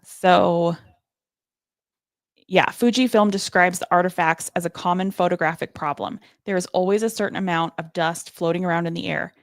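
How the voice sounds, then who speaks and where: A woman with a fairly low voice reads through her research notes, stopping for ums and small restarts. She is a podcast co-host talking casually with friends. The sound is dry and close. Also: steady tone, normal speed, no echo. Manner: reads out research with fillers and hesitations. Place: home studio.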